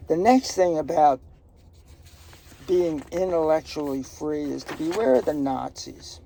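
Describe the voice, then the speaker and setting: An older man tells life stories in a loose, joking, opinionated ramble. His voice is heavily gravelly and dark in tone. Faint traffic hums in the outdoor background. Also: on the high side, measured pace. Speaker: storyteller. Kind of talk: casual personal storytelling. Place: outdoors in a garden.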